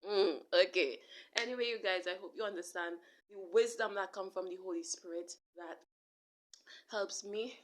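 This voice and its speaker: A woman's voice: medium pitch, normal speed. A woman preacher delivering a casual spoken sermon to her online audience, earnest and repetitive, talking straight to the listener. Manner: earnest, repetitive preaching with restarts and direct address. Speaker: self-described prophet and preacher.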